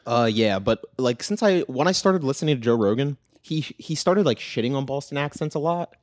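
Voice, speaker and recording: A man talks quickly and easily as a podcast co-host, reading out facts as he finds them. His voice is middling in pitch and sits dry and close to the mic. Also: expressive, dry recording. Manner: quick, easygoing, looks things up. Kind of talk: casual chat.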